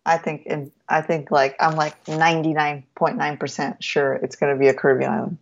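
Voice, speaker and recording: A woman co-hosting a casual sports podcast, chatty and easygoing, quick to laugh. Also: deep voice, flat delivery, gravelly. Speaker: podcast co-host. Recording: slightly muffled lo-fi sound.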